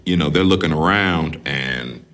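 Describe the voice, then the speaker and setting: A man's voice: rumbling low, measured pace, a bit bright. A man hosting a podcast, recapping a film in a casual, profane, slangy way. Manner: profane, slangy, laid-back. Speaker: podcast host.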